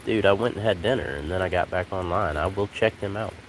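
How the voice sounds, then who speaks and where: Low-voiced man streaming from a rainy porch. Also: brisk, poor audio. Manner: relaxed, rambling, talks to cats and chat. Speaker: live streamer. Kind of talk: casual live-stream chat. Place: outdoors on a porch in the rain. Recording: rain noise outdoors. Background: rain.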